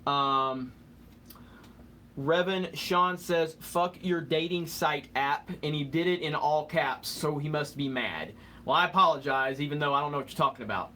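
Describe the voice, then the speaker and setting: A man's voice: a little high, moderate pace, pushed and bright, slight background noise. A young man hosting a live stream, casually reading out chat comments with a joking, rambling manner and the odd fumble over words.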